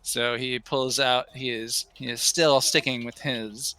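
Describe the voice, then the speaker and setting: A man narrating as game master of an online tabletop game, quick and chatty, laughing easily. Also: mid-range voice, steady tone, sharp tone, dry recording.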